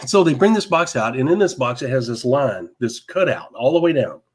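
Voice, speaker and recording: A man co-hosting a casual live talk show, telling a long story in an animated way, laughing often and repeating himself. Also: medium pitch, brisk, husky. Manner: animated, laughing, repeats words, mild cursing. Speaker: podcast co-host.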